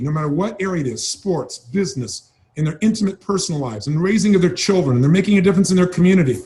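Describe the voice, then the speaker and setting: A man's voice: sits high, a little mellow. A man giving a motivational seminar talk, speaking emphatically and dramatically, repeating phrases for effect. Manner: dramatic, acts out voices of people he describes.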